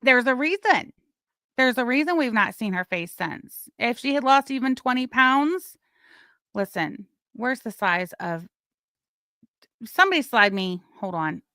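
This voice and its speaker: Blunt, bright-voiced woman streamer. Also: fairly high pitch, a little slow, no room sound, studio quality. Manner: blunt, crude, swearing; chatty, with sudden loud excited bursts. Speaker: livestream host. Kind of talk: casual gossip commentary.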